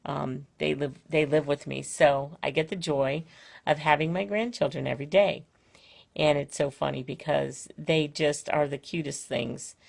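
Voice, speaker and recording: Older woman host, low gravelly voice, chatty and rambling, home live stream. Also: fairly even intonation, a little slow. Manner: rambling, with many fillers and restarts. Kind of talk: casual chat. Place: her home, indoors. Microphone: phone or webcam, live stream.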